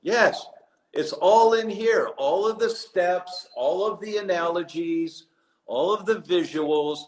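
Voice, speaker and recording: A man's voice: high voice, slow, low-quality recording. A man guest in a live interview, telling stories animatedly and acting out the people he quotes. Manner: animated storytelling with quoted voices. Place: abroad, remote live session.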